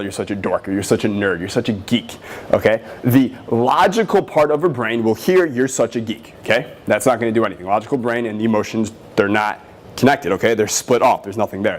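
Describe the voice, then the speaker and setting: A man giving dating advice as a coach, talking in a brash, cocky way, swearing often and acting out teasing lines. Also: mid-range voice. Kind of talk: motivational dating advice talk.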